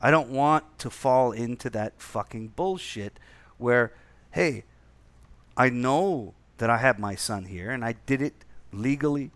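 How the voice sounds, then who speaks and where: A man's voice: medium pitch, a bit bright, no echo. Rambling, profane man from Canada. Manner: rambling, profane, many restarts. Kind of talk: casual chat.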